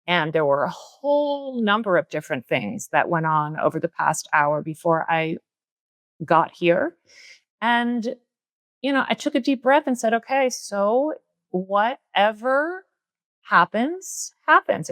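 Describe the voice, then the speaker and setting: A middle-aged woman, a spiritual and yoga teacher, speaking earnestly on a podcast from a retreat center and slowing down to stress key words. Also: medium pitch, expressive, a bit bright, dry recording, studio quality. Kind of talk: reflective spiritual talk on a podcast.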